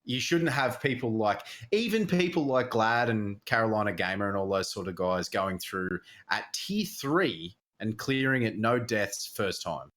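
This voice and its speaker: A man's voice: lowish voice, lively intonation, unhurried, hardly any pauses, a bit bright. A man with an Australian accent co-hosting a gaming podcast, blunt and teasing. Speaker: podcast co-host. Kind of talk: casual gaming chat.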